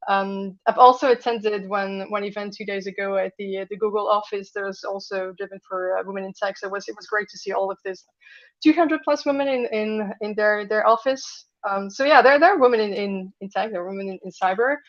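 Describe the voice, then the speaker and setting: A woman from France chats as a guest in a casual interview, pausing often on fillers and small laughs. Her voice sits at an ordinary middle pitch. The sound is slightly muffled and lo-fi, as on a video call. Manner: hesitant, many fillers and light laughs.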